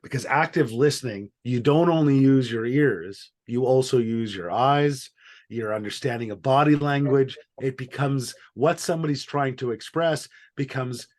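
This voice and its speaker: A man's voice: medium pitch, normal speed, darkish tone. A man facilitating an online workshop, explaining with emphasis on single words, heard over a video call. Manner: explanatory, stresses single words in a repeated sentence.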